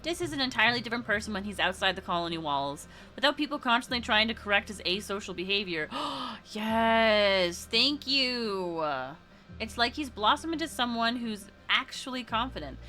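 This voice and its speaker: A woman streamer with a bright, crisp voice reads a story game aloud and breaks off into chatty, excitable asides. Soft game music plays under her voice. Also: on the high side. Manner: chatty, reacts with gasps and quick asides. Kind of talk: reading a story game aloud while playing.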